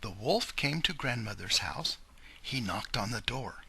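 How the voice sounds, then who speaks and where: A man reading a children's story aloud slowly and deliberately. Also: medium pitch, animated, creaky, sharp tone, slightly rough, no room sound. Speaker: reader. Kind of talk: slow storybook read-aloud.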